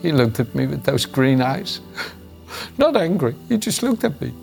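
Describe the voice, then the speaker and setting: A man's voice: medium pitch, sing-song, measured pace, gravelly, darkish tone, faint music behind. A man preaching a devotional sermon, reading scripture and telling stories in an earnest way with frequent chuckles. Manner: earnest storytelling, chuckles often.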